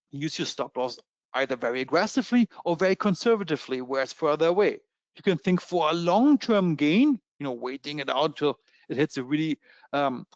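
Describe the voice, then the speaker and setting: Man, German accent, webinar sales pitch, quick and excited, fillers, dull online sound. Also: no echo. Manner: fast, eager talk with many fillers. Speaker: webinar presenter.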